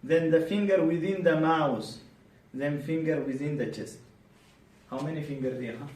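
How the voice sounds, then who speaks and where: A man teaching a bedside clinical exam to students, animated and quizzing them repeatedly. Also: on the high side, moderate pace. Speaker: medical exam tutor. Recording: roomy, distant, faint background hum.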